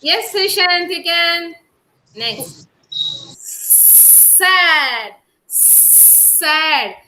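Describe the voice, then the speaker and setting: Indian lady teaching little kids online, high bright voice, slow and coaxing. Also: lively intonation, a little hiss or hum, poor audio. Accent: Indian English. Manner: slow, coaxing, drawn-out words for young children. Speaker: kindergarten teacher. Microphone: video call.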